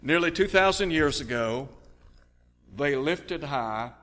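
Guy preaching on the radio, kinda high voice, earnest bible explaining, long echo like a big hall. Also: expressive, slow, fairly bright tone. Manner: earnest Bible exposition, reading scripture aloud. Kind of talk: radio sermon.

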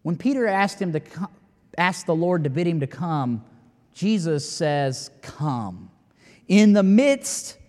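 High-voiced preaching man in a reverberant hall. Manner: emphatic, rising to near-shouting at climaxes with long dramatic pauses. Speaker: pastor. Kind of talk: sermon. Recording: long reverb of a large hall.

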